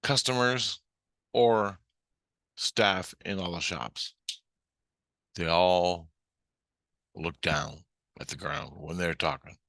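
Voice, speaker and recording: A man's voice: sits low, slow, gravelly, long pauses, fairly bright tone, no echo, studio quality. A middle-aged man telling a rambling, profane story about a strange experience, agitated and full of restarts. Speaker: vlogger recounting a spiritual experience.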